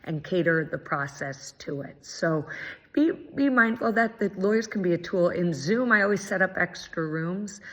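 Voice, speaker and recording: A woman's voice: lowish voice, lively intonation, moderate pace. A woman mediator giving an earnest, encouraging training talk, with frequent ums. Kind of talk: prerecorded presentation. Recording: dull, lo-fi audio with long reverb.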